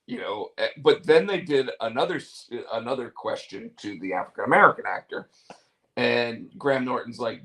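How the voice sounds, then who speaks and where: A man's voice: mid-range voice, lively intonation, moderate pace, sharp tone, low-quality recording. A man hosting a casual chat show, retelling clips in a rambling way with lots of fillers. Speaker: host.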